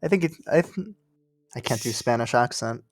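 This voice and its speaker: A man at a middle pitch runs a tabletop game in an easy, chatty way. He fills gaps with ums and breaks into laughing asides. Faint music plays behind him. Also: animated, normal speed, no room sound. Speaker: game master.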